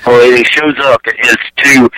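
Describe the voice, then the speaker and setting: Co-host, man, bright tense voice, dry sound, opinionated sports talk. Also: medium pitch, steady tone, normal speed, no echo, low-quality recording. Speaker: radio co-host.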